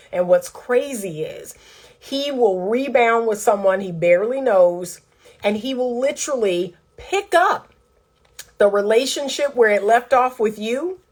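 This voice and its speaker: A woman's voice: medium pitch, rough recording. A woman relationship coach giving direct, emphatic advice straight to the viewer, counting points off a list. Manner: acts out quoted speech in a raised voice.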